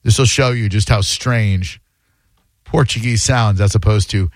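A man hosting a call-in radio talk show, casual and joking, talking in fast bursts. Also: on the low side, dry recording, clean studio sound. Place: radio studio. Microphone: studio mic.

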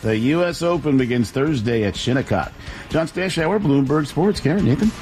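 A man reading a clipped, brisk sports news roundup. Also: mid-range voice, lively intonation, darkish tone, faint music behind. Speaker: sports reporter.

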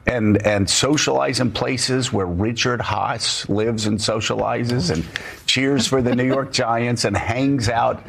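A man's voice: mid-range voice, gravelly, husky. A man hosting a political talk show, speaking emphatically and rambling with frequent restarts. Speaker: host.

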